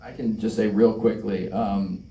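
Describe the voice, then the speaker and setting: A man's voice: lowish voice, fairly even intonation, unhurried, mellow, muffled recording, slight background noise. A man, an actor on a panel, talking casually with many fillers and a self-deprecating tone. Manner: rambling, self-deprecating, frequent "like". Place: event stage before an audience. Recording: roomy live room, distant mic.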